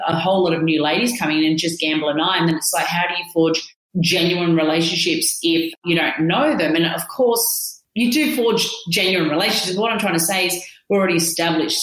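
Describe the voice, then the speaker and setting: A woman co-hosting a casual chat, telling stories in an animated way and laughing often. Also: fairly low pitch. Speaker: podcast co-host. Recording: echoey room.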